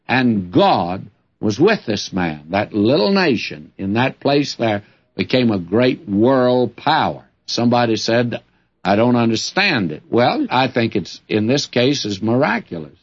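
Slow, lively-voiced man preaching. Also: medium pitch, slightly rough. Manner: folksy, conversational preaching with rhetorical questions. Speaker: radio Bible teacher. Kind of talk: sermon, Bible teaching. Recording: dull lo-fi broadcast recording.

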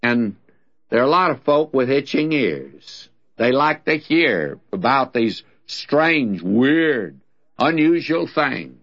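A man's voice: mid-range voice, very animated, slow pace, a bit bright. An older man with a Southern US accent, teaching the Bible on the radio in a folksy, conversational way, telling stories as he goes. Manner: folksy, conversational preaching with storytelling. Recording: dull lo-fi old radio recording.

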